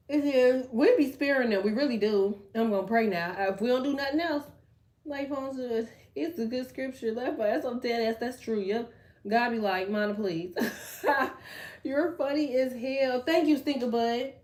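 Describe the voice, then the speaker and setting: A woman with a slightly high voice talks to her live viewers in a casual, blunt way. She speaks, laughs often and reads their comments aloud. Her delivery is loose and chatty, like an informal stream. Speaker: tarot live stream host.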